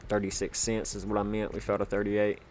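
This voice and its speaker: Male stream host, fairly low voice, casual and excitable, rambling between bursts of hype. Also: fairly quick, a little hiss or hum. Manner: hyped, chatty, full of fillers. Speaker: livestream host. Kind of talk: casual livestream chat.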